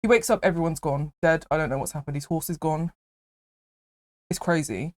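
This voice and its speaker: A woman casually retelling a film, animated and laughing as she acts out the characters. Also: sits low, moderate pace.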